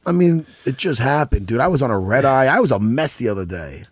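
A man's voice: medium pitch, animated, fairly quick. A man, a professional fighter, chatting as a guest, swearing freely, laughing often and rambling. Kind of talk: casual profane chat.

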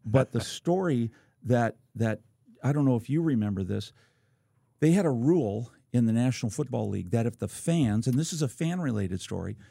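Gravelly-voiced older man telling stories. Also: mid-range voice, lively intonation, normal speed, mellow, dry recording, studio quality. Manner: rambling anecdotes with fillers. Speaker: podcast co-host, former quarterback. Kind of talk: casual storytelling chat.

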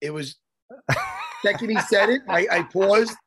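A man co-hosting a podcast in casual banter, animated and joking, swearing freely. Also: high voice, measured pace, noisy background. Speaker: co-host.

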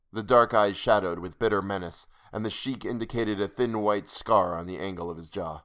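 Low-voiced man narrating pulp adventure. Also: normal speed, few pauses, fairly bright tone. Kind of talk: audiobook narration of pulp fiction.

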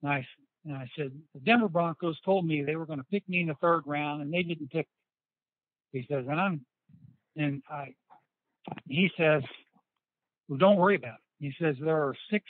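A slightly high-voiced man, once a football player, is a guest in a casual interview where he tells long, meandering stories, restarting often and quoting what people said. He keeps a moderate pace but leaves long pauses. The audio is dry and tinny, like a phone.

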